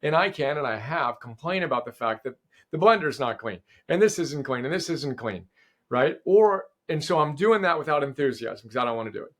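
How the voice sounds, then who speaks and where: A middle-aged man as a podcast guest in casual conversation, animated and enthusiastic, often quoting sayings. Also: medium pitch, fairly quick.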